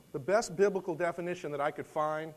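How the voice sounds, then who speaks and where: A middle-aged man preaching a conversational sermon, telling a personal story in a folksy way, often restarting and clearing his throat. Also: fairly high pitch, moderate pace. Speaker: lay preacher.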